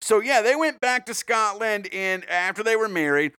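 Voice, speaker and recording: Man, podcast co-host, joking, profane, lively pitch. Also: moderate pace, smooth. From US South. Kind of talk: casual true-crime podcast chat.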